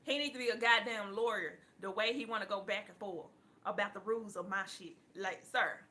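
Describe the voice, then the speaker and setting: A woman, a tarot reader, gives her viewers a blunt, profane, casual talk, laughing often and sometimes getting loud. Her voice is medium-pitched and a little fast.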